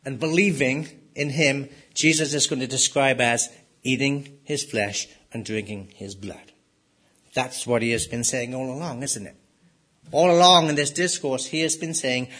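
A man preaching a sermon, emphatic, rising for stress and dropping low at the ends of points. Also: moderate pace, fairly bright tone, breathy edge. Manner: emphatic, rises and drops sharply for stress. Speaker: pastor.

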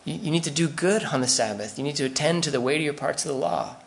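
A man's voice: a little high, quick pace, gravelly. A man preaching a sermon in a conversational way, acting out the voices of the people he quotes. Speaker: pastor.

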